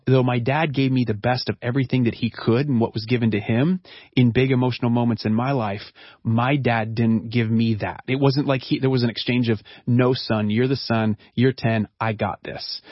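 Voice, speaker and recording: A middle-aged man, a counselor, telling a personal story in an interview in an earnest, reflective way with halting restarts. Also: mid-range voice, fairly even intonation, no room sound, dull audio. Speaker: counselor and guest.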